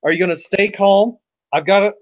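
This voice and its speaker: A man voicing a tough hired gunman who orders a panicking woman to calm down. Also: high-pitched, a little fast, voice pushed up, close to an everyday voice. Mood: bossy. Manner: gruff, commanding. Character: tough gun-for-hire man, brash and bossy. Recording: dry, lo-fi recording.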